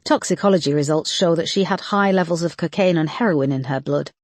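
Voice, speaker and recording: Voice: mid-range voice, a little fast, dry recording, clean studio sound, close to an everyday voice. An audiobook narrator voicing a no-nonsense female detective chief who speaks curtly and firmly. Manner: curt, firm.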